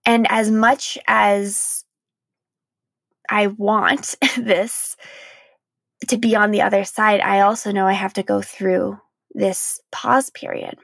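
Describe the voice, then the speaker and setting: A young woman hosts a solo podcast, speaking in a candid, heartfelt way with a gravelly fry at the ends of her phrases. The sound is dry and close. She sprinkles in "like" and gentle laughter as she reflects. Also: medium pitch, flat delivery, takes it slowly, no echo. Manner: emotional, candid, frequent "like" and soft laughs. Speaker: podcast host.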